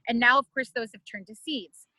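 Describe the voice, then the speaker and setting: A woman's voice: on the high side, fairly quick, no echo, poor audio. A middle-aged woman, an ethnobotanist, leading a virtual plant walk in a casual, conversational way, telling stories with frequent fillers. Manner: conversational, many fillers, warm storytelling pace. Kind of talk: casual teaching and storytelling.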